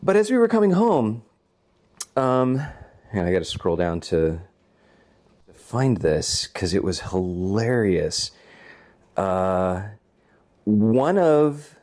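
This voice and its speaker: A man with a fairly low voice chats casually from home while co-hosting a game stream. He rambles through long stories, doubling back on himself and chuckling as he goes. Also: darkish tone. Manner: rambling storyteller, chuckles often. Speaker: co-host of a gaming channel.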